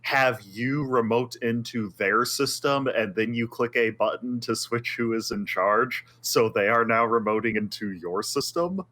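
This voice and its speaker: A man's voice: medium pitch, unhurried, hardly any pauses, sharp tone. A man on a tech podcast, joking wryly and sharing opinions in casual chat. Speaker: podcast co-host.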